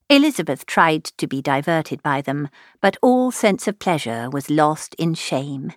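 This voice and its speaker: Woman, audiobook narration, expressive and measured, lively pitch, dry close sound. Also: no echo. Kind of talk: scripted narration.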